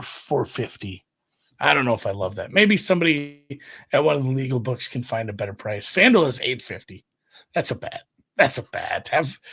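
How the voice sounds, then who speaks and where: A man's voice: mid-range voice, fairly bright tone, slightly rough. A man hosting a podcast, casually thinking aloud about sports bets as he checks the odds. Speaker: podcast host. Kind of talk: casual solo sports betting talk.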